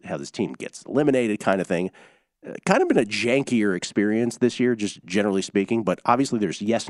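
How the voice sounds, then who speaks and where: Lively low-voiced sports betting radio host. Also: male voice, no room sound, studio quality. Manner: animated, rambling, stacks up scores and stats.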